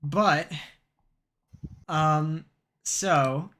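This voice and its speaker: A young man co-hosting a podcast, telling a story in a rambling, halting way with plenty of fillers and restarts. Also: a little high, fairly bright tone. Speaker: podcast co-host. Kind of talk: casual chat.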